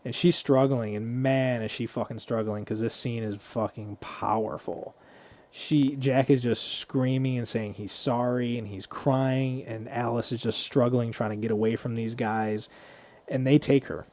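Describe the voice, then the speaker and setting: A man's voice: medium pitch, fairly even intonation, a little slow, darkish tone. A man co-hosting a podcast, casually retelling a movie scene by scene and swearing freely. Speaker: podcast co-host.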